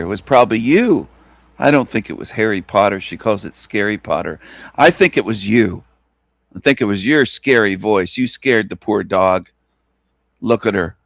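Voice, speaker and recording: Low-pitched guy rambling along slowly, gravelly, kinda mocking, dead dry mic. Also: no room sound. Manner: mocking, repetitive. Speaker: show host. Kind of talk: rambling monologue.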